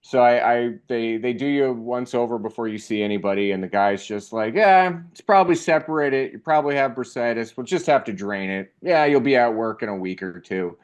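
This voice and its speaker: A young man telling a funny personal story in a casual, animated way, acting out the voices of the people in it. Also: lowish voice, a little fast, few pauses. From Canada.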